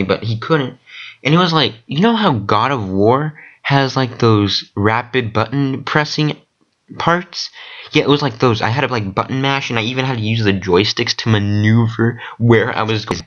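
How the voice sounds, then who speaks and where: A man in a casual vlog, recounting a story in an excitable, rambling way, full of fillers and swearing. His voice sits at an ordinary middle pitch. The sound is dull and lo-fi, like a cheap home mic. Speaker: vlogger recounting dreams.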